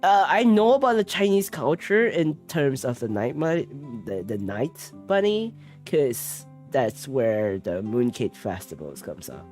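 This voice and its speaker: A man's voice: mid-range voice, sing-song, measured pace, hardly any pauses, darkish tone, soft background music. A man hosting a casual streamed talk show, hesitant and full of fillers, with a playful teasing manner. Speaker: podcast host.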